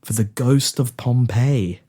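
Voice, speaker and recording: A man's voice: medium pitch, slow pace, warm tone. A man co-hosting a comedy podcast, teasing and mock-indignant as he talks about his own script. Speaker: writer and co-host. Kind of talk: casual comedy chat.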